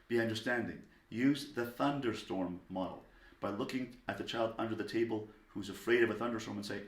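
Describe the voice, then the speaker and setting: Calm low-voiced man lecturing in an echoey room. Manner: calm and deliberate, stressing single words. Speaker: rabbi teaching parenting. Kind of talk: recorded parenting lecture.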